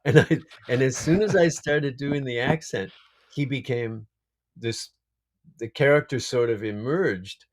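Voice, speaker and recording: A man, an actor being interviewed, speaking in an unhurried, reflective way and laughing often over a video call. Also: mid-range voice. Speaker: actor guest. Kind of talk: casual interview chat.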